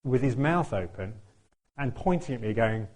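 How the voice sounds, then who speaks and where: A man's voice: mid-range voice, expressive, normal speed, darkish tone. A man telling a chatty, self-deprecating story during a church talk, laughing often and acting out what people said. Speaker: church speaker. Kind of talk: anecdotal sermon storytelling.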